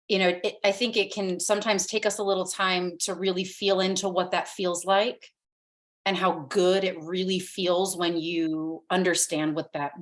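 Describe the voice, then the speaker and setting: Lower-voiced woman, thoughtful podcast guest. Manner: thoughtful and earnest, many fillers. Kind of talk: casual reflective podcast conversation.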